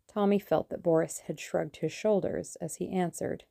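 Low gravelly female audiobook narrator. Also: fairly even intonation, normal speed, few pauses, mellow, no room sound, studio quality.

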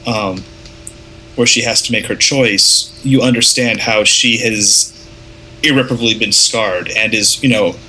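A man in casual conversation about a movie, talking in an animated way and acting out lines of dialogue. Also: lowish voice, unhurried, slight background noise, low-quality recording. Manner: animated, acts out quoted lines. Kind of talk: casual film discussion.

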